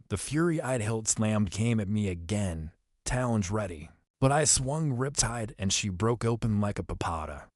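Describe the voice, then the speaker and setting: A man reading an adventure novel aloud as an audiobook narrator, telling the action briskly in the first person. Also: fairly low pitch, no echo, clean studio sound. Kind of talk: scripted storybook narration.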